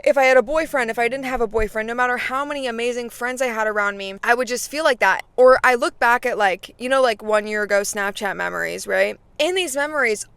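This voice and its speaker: A woman's voice: a little high, fast, creaky, hardly any pauses, fairly bright tone, clean tone, no room sound. A woman in her twenties, talking casually and directly to her viewers as a faith vlogger, full of fillers. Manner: chatty, frequent fillers, talks straight to viewers. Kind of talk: casual chat.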